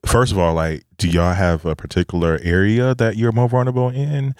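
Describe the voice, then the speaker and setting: A man with a very low voice hosts a laid-back talk show. He speaks reflectively, pausing often on fillers. The sound is dry and close. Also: no echo. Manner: relaxed, reflective, many fillers and laughs. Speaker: podcast host. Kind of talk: casual chat.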